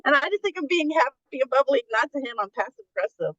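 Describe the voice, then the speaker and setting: A woman's voice: sits high, big pitch swings, fast talker, a bit bright, dry recording, muffled recording. A woman guest in a casual conversation, telling stories about her family and laughing easily.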